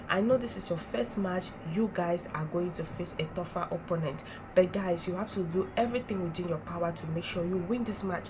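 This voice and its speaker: Woman vlogging to camera, chatty and pleading, bit lower voice, noisy background. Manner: chatty, pleading, fan talk. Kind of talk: casual chat to camera.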